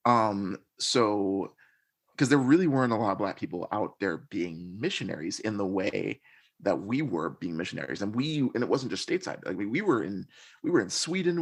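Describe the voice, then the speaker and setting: Man, low voice, podcast guest, earnest, reflective storytelling. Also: big pitch swings, moderate pace, husky. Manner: earnest and reflective, recounting experiences. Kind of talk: conversational storytelling.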